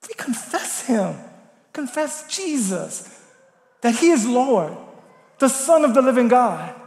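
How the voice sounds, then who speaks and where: A man preaching a sermon with passion, rising to loud calls and dropping to hushed prayer. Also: extremely high pitch, sing-song, slow pace, vocal fry. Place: church. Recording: echoey church hall.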